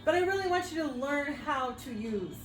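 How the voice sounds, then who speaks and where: Fitness coach, woman, somewhat high voice, upbeat and whooping, a bit breathless; echoey room, soft music bed. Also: animated, moderate pace, a little hiss or hum. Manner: upbeat, cheering with whoops, shaky while exercising along. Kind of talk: workout instruction.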